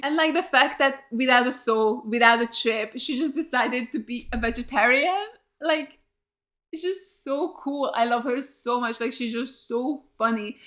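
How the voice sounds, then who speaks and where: Woman host, reaction channel, bright high voice, unfiltered and excitable. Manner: excitable, blunt, heavy swearing; gasps and laughs in surprise. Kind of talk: casual TV reaction commentary.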